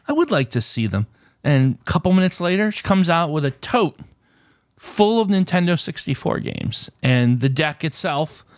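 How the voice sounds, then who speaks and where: Middle-aged male host, chatty storyteller, high lively voice, dry close sound. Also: no echo. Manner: animated, chatty, with fillers and restarts. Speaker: retro game collecting host. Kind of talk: casual storytelling to camera.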